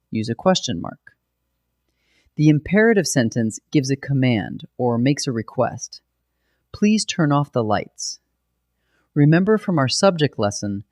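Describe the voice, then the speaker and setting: A man narrating a scripted grammar lesson, explaining rules in a steady, methodical way. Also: mid-range voice, no room sound, studio quality. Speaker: grammar teacher.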